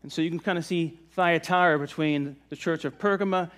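Relaxed, conversational pastor, slightly high voice. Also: male voice, a little fast. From Virginia mountains, USA. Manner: relaxed, conversational, joking with the congregation. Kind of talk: sermon. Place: church service.

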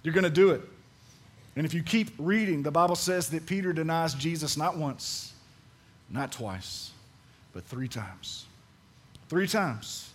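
A man with a high-pitched voice preaches to his congregation. He drives his points home by repeating phrases and swings from hushed lines to loud, emphatic ones. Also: expressive, a little slow. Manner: swings between soft and loud delivery. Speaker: pastor. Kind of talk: sermon.

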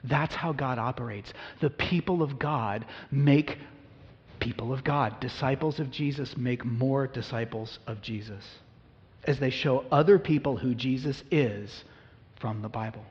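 A man's voice: mid-range voice, a little slow. A male pastor preaching a conversational sermon, acting out biblical dialogue with humor. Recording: reverberant hall, dull lo-fi sound.

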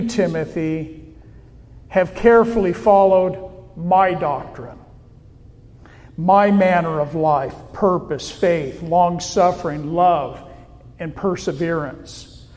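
Slow, high-voiced preacher in a reverberant hall. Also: male voice, a little mellow. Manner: slow, deliberate preaching with emphatic pauses. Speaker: pastor. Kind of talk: sermon.

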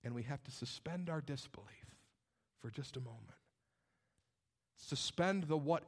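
A man's voice: mid-range voice, animated, unhurried, pauses often, husky. A male pastor preaching a sermon, dynamic and conversational, acting out doubters' voices along the way.

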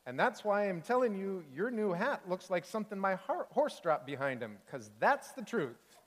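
A man's voice: high voice, big pitch swings, moderate pace, pitched above the performer's own voice. A man voicing a blunt, honest male cowboy with a folksy drawl in a read-aloud storybook, in a reverberant hall. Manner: folksy drawl with "dang" and "ain't".

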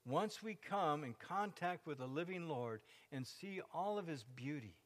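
An older man in his sixties delivers a lively sermon, slipping into little voices to act out quotes and scenes. His voice sits a touch higher than most men's, and it rings out with a long hall reverb. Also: measured pace. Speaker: preacher.

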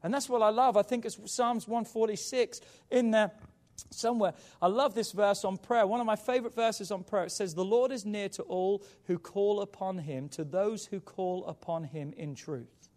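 High-voiced preaching pastor, emphatic. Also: male voice, normal speed, a little mellow. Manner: preaching with emphatic rises and drops. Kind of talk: sermon.

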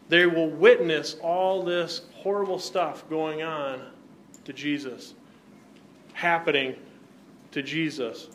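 A man teaches a Bible class, regularly checking in by asking "right?" and putting questions to the group. His voice is a little high and a bit bright, with a slight hiss or hum in the recording.

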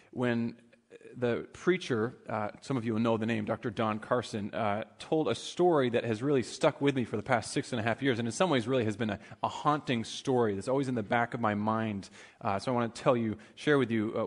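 A man's voice: mid-range voice, big-room sound. A man preaching a sermon and telling a story in a conversational way, with frequent fillers and restarts.

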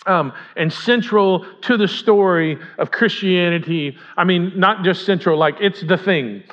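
A man's voice: sits high, a little slow, fairly bright tone. A man preaching as pastor in a conversational way, asking the congregation questions as he retells a story. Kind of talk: sermon. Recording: dull lo-fi sound.

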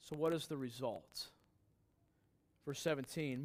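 Middle-aged man, pastor, easygoing sermon, slightly high voice, asks the room questions. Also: unhurried. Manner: conversational, joking asides, quizzes the congregation. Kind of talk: sermon Bible teaching.

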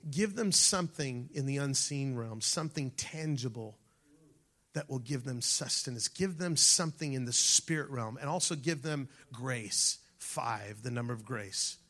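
A man's voice: medium pitch, measured pace. A man preaching a sermon as pastor, calling out to the congregation and dropping at times to a near-whisper. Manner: animated preaching, shifting from shouts to near-whispers.

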